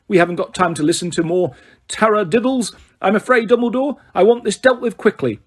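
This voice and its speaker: A man's voice: high voice, brisk, pitched above the performer's own voice. A man voicing a smug, pompous middle-aged official who speaks in a lofty, snappish way.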